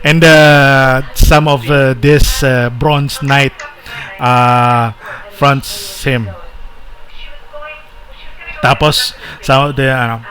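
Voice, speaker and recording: A man with a Filipino accent narrating as dungeon master, halting with many fillers and restarts. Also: mid-range voice, fairly even intonation, fairly bright tone, soft background music. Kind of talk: narrating a tabletop game, mixing English and Filipino.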